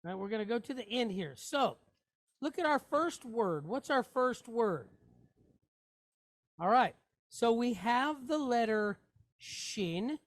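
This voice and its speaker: A woman's voice: on the high side, animated, slow pace, long pauses. A woman teaching a Hebrew reading lesson, patiently sounding out each syllable and repeating words aloud.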